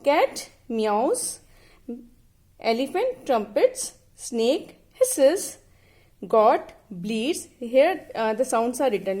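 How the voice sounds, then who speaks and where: A woman's voice: a little high, dark tone. A woman teacher giving a lesson, who spells words out letter by letter and imitates the animal sounds. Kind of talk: online class lesson.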